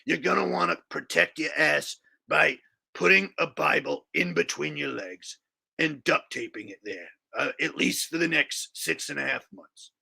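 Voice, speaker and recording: A man's voice: a little high, normal speed, bright, forceful tone, exaggerated voice. A man impersonating a ranting male conspiracy radio host, growling dead-serious warnings. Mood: alarmed, ranting. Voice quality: gravelly, growled delivery.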